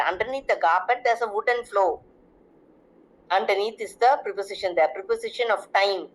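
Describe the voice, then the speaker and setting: A woman's voice: medium pitch, rough recording. A woman teaching English grammar. She reads example sentences aloud, asks questions about them, and often repeats herself or restarts a word. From South India. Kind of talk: recorded grammar lesson.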